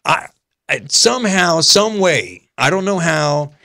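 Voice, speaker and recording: A man's voice: on the high side, takes it slowly, no echo. A male host talking in a casual chat, with frequent restarts and repeated phrases. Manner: animated, repeats himself and restarts often. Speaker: show host. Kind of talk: casual talk-show chat.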